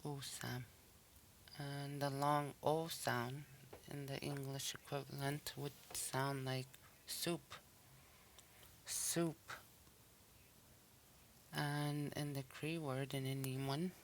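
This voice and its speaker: This is a language teacher working through a recorded pronunciation lesson, saying each sample word and then repeating it. The delivery is extremely slow and the pitch stays flat and level. A faint hiss sits under the voice.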